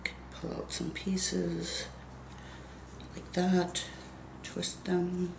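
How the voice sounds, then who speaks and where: Woman in her 50s, beauty vlogger, stuffy nose, slow unhurried chat, lowish voice, echoey room with faint hiss. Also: completely flat delivery, gravelly. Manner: chatty and unhurried, talking to viewers while styling hair. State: congested. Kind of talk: casual get-ready-with-me hair tutorial.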